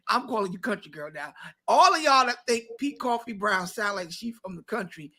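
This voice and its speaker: A lively man with a New York accent hosts with the swagger of an emcee, teasing and hyping up his guest. His voice is bright and ringing, and his pitch swings widely. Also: normal speed. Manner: hype emcee energy, teasing, laughs often. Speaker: host. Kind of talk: casual faith talk show chat.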